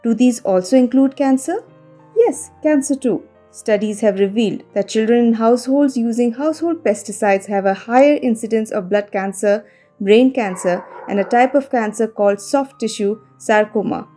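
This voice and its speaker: A woman narrating a scripted story in a measured, calm and careful voice. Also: a little high. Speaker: voice-over narrator. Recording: faint music behind the voice.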